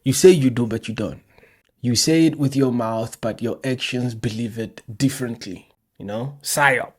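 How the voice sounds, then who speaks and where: A man's voice: mid-range voice, normal speed. A man delivering an indignant, mocking political monologue as a commentator. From South Africa. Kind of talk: impassioned monologue.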